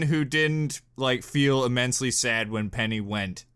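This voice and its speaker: A young man hosting a casual reaction video, talking in an animated, giggly way that swings from loud bursts down to mumbles. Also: mid-range voice, a little slow, clean tone.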